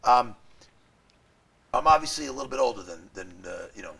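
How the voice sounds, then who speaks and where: Chatty New York restaurant owner, gravelly. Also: male voice, mid-range voice, fairly quick, slight background noise. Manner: chatty, animated, jokey. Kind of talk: casual interview chat.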